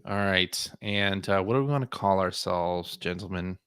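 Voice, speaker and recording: A man's voice: low voice, moderate pace, a bit bright, smooth, dry recording, studio quality. A man hosting a podcast in casual chat, loose and chatty, with frequent fillers. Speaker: podcast host.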